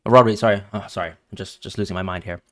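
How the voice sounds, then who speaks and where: A man's voice: low voice, steady tone, very fast, fairly bright tone, no room sound, studio quality. A man streaming live and reacting emotionally to a football match as he watches, talking to his viewers.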